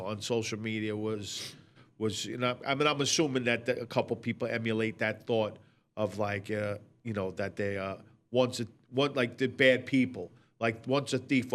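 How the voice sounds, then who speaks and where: A man interviewing his co-host, asking questions haltingly, with many restarts and fillers. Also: fairly low pitch, fairly bright tone, a little hiss or hum. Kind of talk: casual interview chat.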